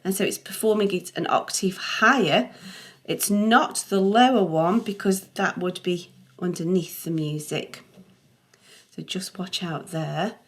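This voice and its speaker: A middle-aged woman walks through exercise answers as a music theory teacher, patient and encouraging. She talks like a steady online tutor, reassuring the learner and correcting herself along the way. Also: fairly low pitch, unhurried.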